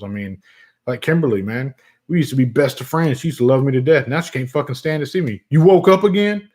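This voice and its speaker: Middle-aged man chatting on a casual livestream, cussing freely and laughing at his own jokes. His voice sits at an ordinary pitch for a man, and he moves easily between loose banter and earnest talk with viewers. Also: darkish tone. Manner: profane, joking, laughs often. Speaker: vape channel host. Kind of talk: casual livestream chat reading viewer comments.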